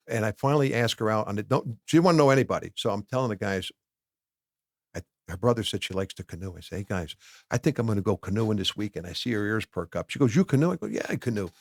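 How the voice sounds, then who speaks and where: Gravelly-voiced man telling his story. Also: medium pitch, no room sound, studio quality. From New Jersey. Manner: candid, animated storytelling with quoted dialogue. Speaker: podcast guest. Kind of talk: personal storytelling in a podcast interview. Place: podcast studio.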